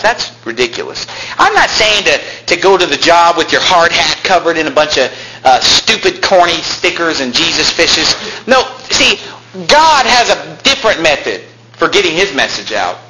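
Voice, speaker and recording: A male pastor preaching a combative sermon, with big swings in pitch and loudness that climb to shouts. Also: big pitch swings, moderate pace. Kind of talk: fiery Baptist sermon. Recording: echoey room with faint noise.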